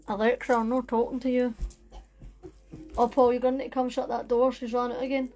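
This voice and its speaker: A woman's voice: a little high, flat delivery, quick pace, warm tone. A woman hosting a casual livestream chat from her phone, chatty and apologetic, laughing often. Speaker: livestream host. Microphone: phone on a holder.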